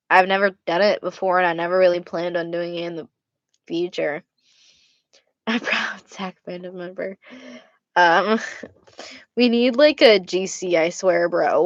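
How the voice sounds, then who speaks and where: A woman's voice: lowish voice, fairly bright tone, no echo. A young woman vlogger answering fan questions in a casual way, blunt, laughing often and swearing freely. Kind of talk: casual Q&A vlog.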